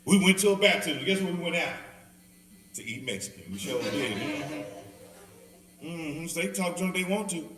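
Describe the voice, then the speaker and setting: A man with a fairly high voice and a Southern accent leads a Bible study a little slowly, leaving long pauses. Animated and laughing, he jokes and acts out the people in his stories; the church hall echoes and he sounds distant.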